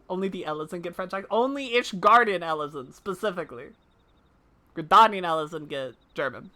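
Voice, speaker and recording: A woman's voice: on the low side, expressive, fairly quick, bright, forceful tone. A woman streaming live, chatting casually and laughing easily while answering her chat.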